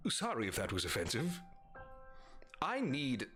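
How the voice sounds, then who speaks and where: A man's voice: medium pitch, huge pitch swings, measured pace, fairly bright tone, soft background music. A young adult man streaming live, chatting casually, swearing freely, laughing often and reading chat aloud.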